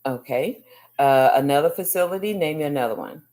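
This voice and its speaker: A woman teacher going over chapter questions with a student, repeating each answer slowly and encouraging with many mm-hmms. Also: low voice, warm tone. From United States. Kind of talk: class review of chapter questions.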